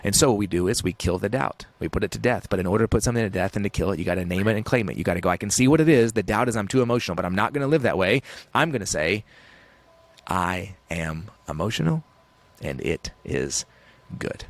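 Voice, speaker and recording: Low gravelly fast-talking man. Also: dry recording. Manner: intense, emphatic, repetitive for effect. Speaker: author and podcast host, guest. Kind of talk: interview guest on a talk show.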